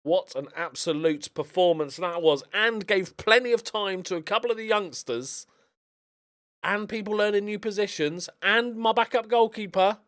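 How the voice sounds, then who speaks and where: A man's voice: high-pitched, normal speed, a bit bright. A man giving chatty let's-play commentary on a football management game, cheering his team on as matches play out, recorded on a desk microphone. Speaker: video game streamer.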